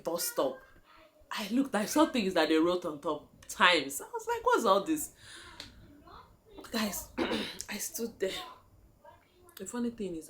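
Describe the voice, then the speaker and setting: Young woman, Nigerian accent, casual vlog storytelling, animated sing-song delivery, frequent laughter. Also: medium pitch. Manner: animated, laughing often, addresses viewers as guys. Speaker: vlogger.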